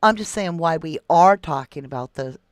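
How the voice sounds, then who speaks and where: A woman's voice: low voice, lively intonation, moderate pace, dry recording, clean studio sound. A middle-aged woman hosts a true crime livestream, reading viewer comments and calling them love and sweetheart.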